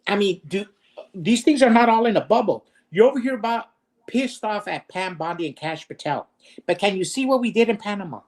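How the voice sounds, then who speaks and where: Combative, lecturing man swearing in debate. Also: high voice. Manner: lecturing, combative, profane, rhetorical questions. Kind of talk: heated political debate.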